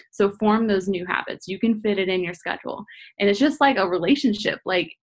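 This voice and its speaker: Earnest young woman coaching a group. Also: medium pitch. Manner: earnest, repetitive, addresses listeners as "you guys". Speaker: team leader hosting a business call. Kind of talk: casual coaching talk on a group call.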